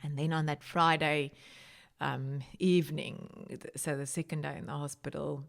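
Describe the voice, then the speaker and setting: Low-voiced woman sharing a personal testimony. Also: little pitch movement, moderate pace, gravelly. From South Africa. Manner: emotional, rising pitch when recounting prayer. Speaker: podcast guest.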